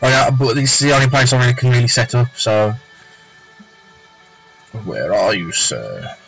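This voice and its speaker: A man talks on a home live stream, rambling and thinking aloud as he sketches. His voice sits at an ordinary middle pitch, and he muses to himself between loose remarks to viewers. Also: normal speed, faint music behind, poor audio. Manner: rambling, thinking aloud with fillers and self-talk. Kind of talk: casual live-stream chat while drawing.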